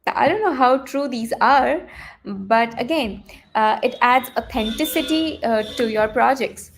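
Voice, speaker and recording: A woman runs a live online coding lesson on a computer mic, talking her viewers through what is on her screen. Her voice sits fairly high, and she thinks aloud as she goes, full of fillers and restarts. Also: lively intonation, unhurried, creaky. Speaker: coding teacher.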